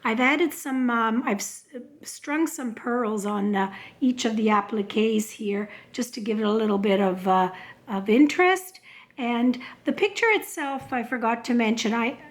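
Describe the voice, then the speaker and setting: A woman with a slightly high voice that is going hoarse, talking in a relaxed show-and-tell way. She rambles warmly through her craft work, padding her sentences with ums and uhs and restarting her thoughts. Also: measured pace. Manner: chatty, many filler words and restarts. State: losing her voice. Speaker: crafter showing her handmade journal. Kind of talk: casual show-and-tell vlog.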